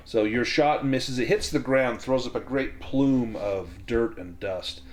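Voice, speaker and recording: A man as game master of a tabletop western game, calmly explaining the rules step by step. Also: medium pitch, unhurried.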